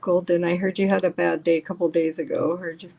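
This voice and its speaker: A woman's voice: lowish voice, little pitch movement, quick pace, gravelly, dark tone. A woman hosting a casual live stream, reading viewer comments aloud and reacting to them in a chatty, emphatic way, her voice getting worn.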